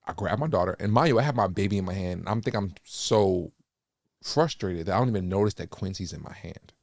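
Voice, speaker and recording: Low gravelly man telling a story. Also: a little fast, no echo, clean studio sound. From Los Angeles. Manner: animated storyteller, acts out quotes loudly. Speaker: host. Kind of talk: casual storytelling chat.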